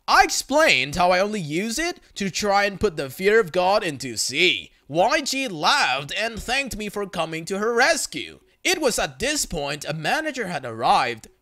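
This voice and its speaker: Narrator reading internet stories, bright voice, lots of pitch movement. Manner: plain storytelling read-out. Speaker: story narrator. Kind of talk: reading forum stories aloud.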